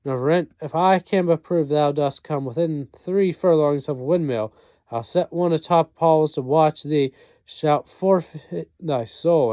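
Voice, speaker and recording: A man's voice: fairly high pitch, mellow, no echo, close to an everyday voice. A man voicing a blustering, boastful young gallant in a play reading, swaggering through his oaths.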